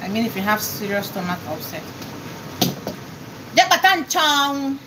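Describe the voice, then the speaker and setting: A woman's voice: mid-range voice, steady tone, quick pace, noisy background. A woman with a Nigerian accent chatting casually on a live stream while she cooks, often laughing and calling out greetings to her viewers.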